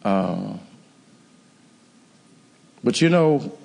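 A man preaching a sermon in a church, rising to high, emphatic climaxes. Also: expressive, drawn-out words, vocal fry, darkish tone. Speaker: pastor. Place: church sanctuary. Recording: church hall reverb.

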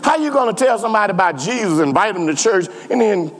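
Fast and animated, this pastor's voice sits high with a fairly bright tone. In the church sanctuary he repeats lines and calls out to the congregation, call-and-response fashion, with lots of reverb on the recording.

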